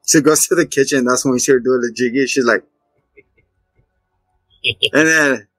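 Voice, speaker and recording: A man hosting a casual movie review chat, retelling scenes in an animated way and acting out the characters. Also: medium pitch, normal speed, dry recording, faint music behind. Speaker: movie review show host.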